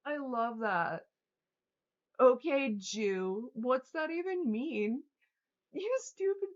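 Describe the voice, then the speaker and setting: A woman's voice: a little high, expressive, very slow. A young woman livestreaming, ranting angrily at her chat in a heated, profane, sarcastic way. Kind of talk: angry livestream rant reading chat. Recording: dull lo-fi stream audio.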